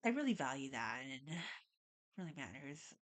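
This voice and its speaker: A woman's voice: very deep voice, very animated, moderate pace. A woman vlogging casually at home, rambling and saying "like" a lot, with a stuffy nose and audible breathing. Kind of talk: casual talk to camera. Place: at home, alone.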